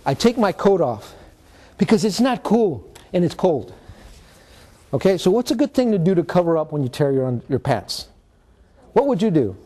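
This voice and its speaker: A retired man, giving an animated storytelling talk to students as a guest speaker and mixing in Spanish slang. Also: sits high, moderate pace, long pauses. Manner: animated, mixes in Spanish slang, acts out quotes.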